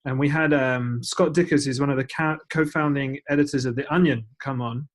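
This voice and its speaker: A man's voice: medium pitch, steady tone, brisk. A man with an English accent, chatting as a podcast guest in a self-deprecating way with many fillers. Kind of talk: casual interview chat.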